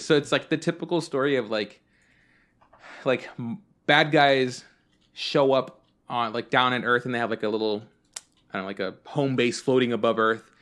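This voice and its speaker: A man in a middle-pitched voice talks loosely on a podcast, meandering through stories with lots of "like" and "um". He swears freely and keeps things offhand and chatty. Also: fairly bright tone. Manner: rambling storyteller, swears freely, many fillers. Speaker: podcast host. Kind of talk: casual chat.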